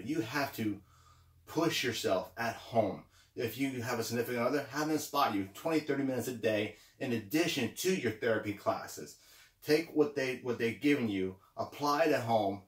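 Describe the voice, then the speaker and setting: A man's voice: mid-range voice, recorded from a distance. A slightly winded man giving a casual, encouraging pep talk, often repeating himself and checking in with "okay" and "right". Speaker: motivational vlogger. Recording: roomy sound, away from the mic.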